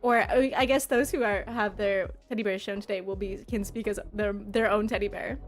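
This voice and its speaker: A woman's voice: medium pitch, fairly even intonation, brisk, faint music behind. A young adult woman streaming live, bubbly and giggly as she reads and answers her chat. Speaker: livestreamer.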